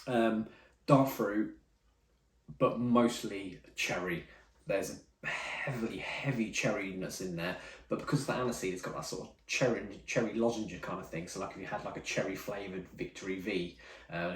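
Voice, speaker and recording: A man chatting casually through tasting notes as a whisky reviewer, rambling and correcting himself as he goes. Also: sits low. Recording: roomy, mic at some distance.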